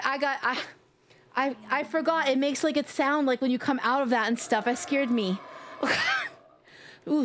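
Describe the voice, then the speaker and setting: A woman's voice: fairly high pitch, a little hiss or hum. A young woman with a New York accent, chatting playfully on a live stream, joking, swearing and laughing often. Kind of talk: casual live-stream chat.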